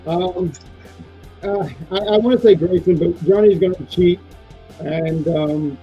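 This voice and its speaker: Host, male, slightly high voice, loose playful rambler, dull lo-fi stream sound. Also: unhurried, husky, soft background music. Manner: rambling, filler-heavy, playful. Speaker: podcast host. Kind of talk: casual wrestling prediction chat.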